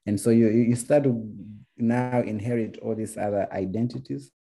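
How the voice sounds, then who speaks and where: A young man from Rwanda telling his story in a casual, halting way, with many restarts and fillers. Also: fairly low pitch, dark tone, slightly rough. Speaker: guest.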